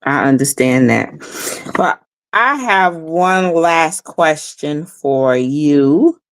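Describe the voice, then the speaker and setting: A woman's voice: low voice, animated, drawn-out words, dry recording. A woman hosting a podcast interview, asking playful questions and encouraging her guest. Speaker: podcast host.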